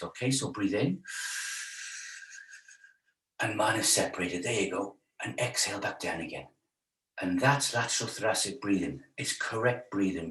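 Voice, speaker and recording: A man leading a stretch class, chatty and joking while he counts the holds. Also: mid-range voice. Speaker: fitness instructor. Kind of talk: guided stretch class instruction. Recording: roomy sound from a distance.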